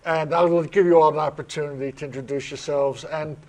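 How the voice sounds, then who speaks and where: A man's voice: on the high side, steady tone, brisk, a crowd in the background. A man with a New York accent who hosts a spiritual talk show, chatting with his panel in a friendly, earnest way. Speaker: host.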